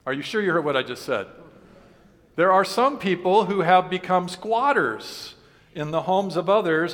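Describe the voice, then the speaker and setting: A pastor preaches a sermon in a reverberant hall with a long reverb, speaking conversationally with rhetorical questions and humor. His voice is a little high and fairly bright.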